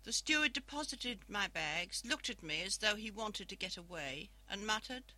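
In a low-quality recording, a narrator with a middling pitch and a strikingly bright, sharp tone reads a first-person ghost story aloud in a measured, even storybook manner.

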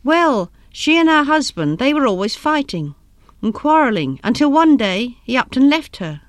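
A woman's voice: sits high, big pitch swings, normal speed, no room sound, studio quality, pitched above the performer's own voice. A woman voicing an elderly male seedsman who talks in a folksy, knowing way.

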